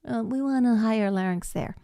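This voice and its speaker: A woman voice teacher with a fairly high, dark-toned voice speaks briskly during a live singing lesson. She explains technique and breaks into short sung demonstrations. The recording is dry, with clean studio sound.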